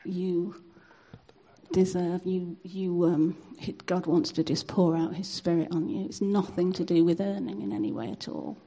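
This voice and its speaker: Woman, low gravelly husky voice, hesitant spontaneous prayer. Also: rough recording. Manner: soft, hesitant, halting with fillers. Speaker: church member leading prayer.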